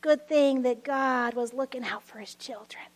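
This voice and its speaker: A woman giving a sermon to a congregation, intimate, often dropping to soft near-whispers for emphasis. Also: high voice, normal speed. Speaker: preacher. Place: church service.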